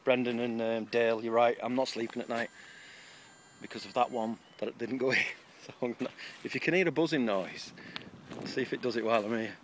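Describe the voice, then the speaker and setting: Here the allotment vlogger speaks at medium pitch and a fairly quick pace, with a little hiss or hum on the audio. He chats, rambles and mocks himself while touring his plot outdoors on a camera mic.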